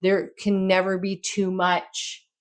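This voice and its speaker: A middle-aged woman hosting a casual motivational talk, who acts out quoted lines with lively jumps in pitch. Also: slow pace. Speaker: podcast host and wellness speaker.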